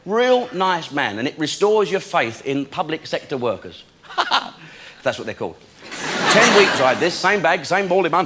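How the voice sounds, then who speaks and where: A man's voice: a little high, big pitch swings, moderate pace, a bit bright, slight background noise. A man doing a chatty stand-up routine, telling a story and acting out both sides of each conversation. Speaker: stand-up comedian. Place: large theatre stage.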